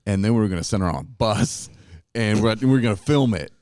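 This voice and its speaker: Man, podcast host, very low voice, animated storyteller, laughs a lot, dry close sound. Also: fast talker, smooth, dry recording. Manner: animated, laughs often while telling stories. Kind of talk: casual storytelling chat. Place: recovery retreat.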